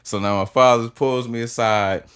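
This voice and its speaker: A man's voice: medium pitch, steady tone, moderate pace, a bit bright, smooth. A man in his thirties, a podcast guest telling rambling anecdotes in a casual, profane way.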